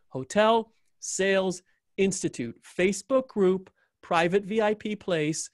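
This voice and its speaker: A man's voice: sits high, expressive, unhurried, dry recording, studio quality. A man hosting an interview, wrapping up with an enthusiastic, joking endorsement of his guest, often repeating phrases for emphasis. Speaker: interview host.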